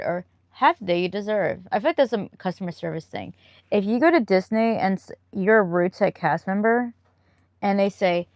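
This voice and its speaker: A woman's voice: medium pitch, expressive, normal speed, dry recording. A woman live streamer chatting casually and answering viewer comments, rambling and laughing often.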